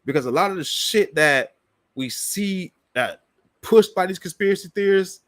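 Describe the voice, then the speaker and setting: A man's voice: sits high, fairly bright tone, dry recording, clean studio sound. A man hosting a political reaction show, ranting with heavy profanity and scornful laughs. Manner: heated, swearing, laughing scornfully. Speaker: political commentary host.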